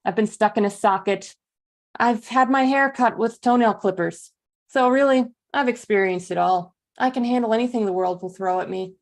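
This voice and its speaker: Woman doing a worn-out toy doll, chipper, gravelly voice. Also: medium pitch, moderate pace, natural voice. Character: battered, upbeat female toy doll. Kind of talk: improv comedy character. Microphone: video call.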